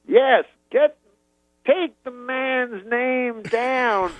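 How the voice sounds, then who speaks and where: Guy putting on an older comedian voice, way higher than his own, choppy half sentences, dry sound. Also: drawn-out words, no room sound, full character voice. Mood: grand, deliberate. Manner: speaks in short fragments, not full sentences. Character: older male comedian, clipped halting phrases. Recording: dull lo-fi audio.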